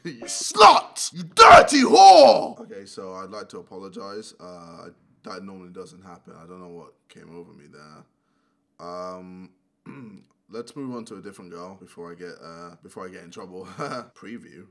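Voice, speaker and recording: A young man from England, giving comedic commentary as he reviews silly apps, murmuring playfully and bursting into outraged yells. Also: deep voice, normal speed.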